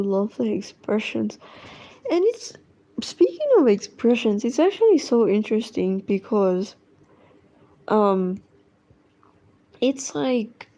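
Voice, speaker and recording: Slow, mellow-voiced woman chatting while drawing. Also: fairly high pitch, muffled recording. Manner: rambling, full of fillers and trailing thoughts. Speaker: drawing streamer. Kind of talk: casual chat while drawing.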